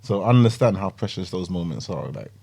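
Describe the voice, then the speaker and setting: A man's voice: sits low, lively intonation, a little fast, gravelly, dark tone, husky. A man co-hosting a casual chat, reflective in tone. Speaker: podcast co-host.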